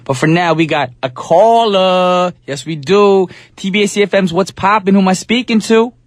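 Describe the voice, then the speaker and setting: A man's voice: sits high, moderate pace, no room sound, studio quality. Upbeat slangy radio DJ man. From New Jersey. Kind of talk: casual radio chat. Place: radio studio. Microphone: studio microphone.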